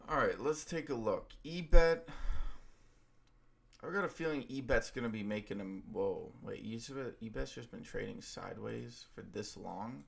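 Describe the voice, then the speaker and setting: A man's voice: mid-range voice, normal speed, vocal fry. A man hosting a casual livestream, speaking in an offhand way and thinking aloud with many fillers. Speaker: stream host trading stocks.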